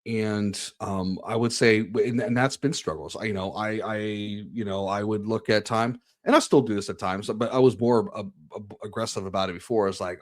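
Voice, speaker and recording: A man's voice: lowish voice, steady tone, normal speed, few pauses. A man talking earnestly about his faith in an interview, often restarting and repeating words as he searches for them. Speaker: podcast host being interviewed. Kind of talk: candid personal conversation about faith.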